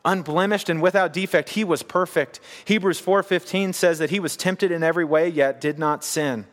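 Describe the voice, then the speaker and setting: A man's voice: on the high side, steady tone, normal speed. A man preaching a sermon in a church hall, earnest and repeating key lines for emphasis. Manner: earnest, building to emphatic repetition. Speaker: pastor. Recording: long hall reverb.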